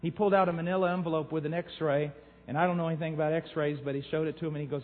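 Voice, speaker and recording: Brief: male preacher, fervent storytelling, higher voice, tinny recording in a reverberant hall. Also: steady tone, racing. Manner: impassioned, swings from hushed to loud. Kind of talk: sermon storytelling.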